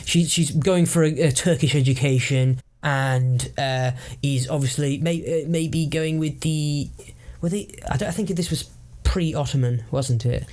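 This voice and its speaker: A man's voice: fairly high pitch, a little slow, hardly any pauses, darkish tone. Hesitant man with a raised voice. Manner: hesitant, restarts often, thinks aloud. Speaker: podcast co-host. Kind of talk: casual chat, improvised storytelling.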